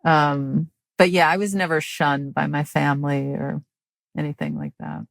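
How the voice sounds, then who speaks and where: Low-voiced woman with a dry, halting delivery. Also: expressive, vocal fry, no room sound. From Mississippi, US. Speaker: guest, comedian. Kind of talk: casual interview chat.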